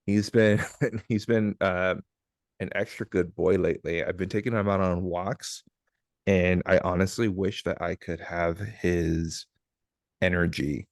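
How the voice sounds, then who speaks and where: A man's voice: low voice, steady tone, a little slow, dry recording, studio quality. Upbeat man hosting a chat podcast. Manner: upbeat, joking, rambling. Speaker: podcast host. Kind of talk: casual chat.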